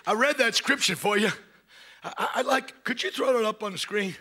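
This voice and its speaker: A man preaching a loud, fiery Pentecostal sermon to a congregation in a church. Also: sits high, a little fast. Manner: loud, shouting, preaching with rising bursts.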